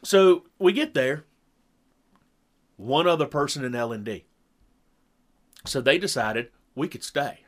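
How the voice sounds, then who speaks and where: A middle-aged man telling a long story in casual chat, animated and acting out what people said. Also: medium pitch, slow pace, long pauses. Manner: animated storyteller who acts out quotes. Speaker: podcast co-host.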